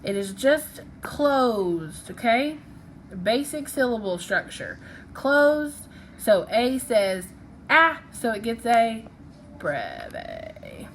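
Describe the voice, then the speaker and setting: A woman's voice: on the high side, huge pitch swings, extremely slow, fairly bright tone, slight background noise. A woman teaching a phonics lesson, patiently sounding out syllables and letters one by one.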